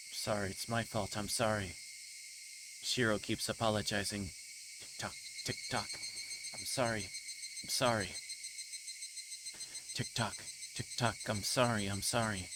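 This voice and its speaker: A man's voice: fairly low pitch, background noise, close to an everyday voice. A man streamer reading aloud as a delirious, guilt-ridden young girl, repeating himself in anguish and stumbling over a few words. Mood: dazed. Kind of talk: dramatic reading of game text.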